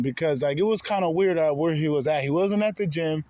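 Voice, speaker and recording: A man's voice: fairly high pitch, fast talker, hardly any pauses, darkish tone, dry recording. A man ranting to his viewers in a heated, profane, repetitive way, calling them bro again and again. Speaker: spiritual vlogger. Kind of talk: casual rant to camera.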